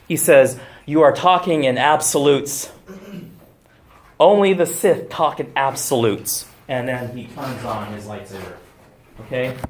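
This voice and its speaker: A man, a deacon, giving a lively public talk, loud and excitable with many fillers and restarts. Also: mid-range voice. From United States. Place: restaurant event room. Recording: echoey room.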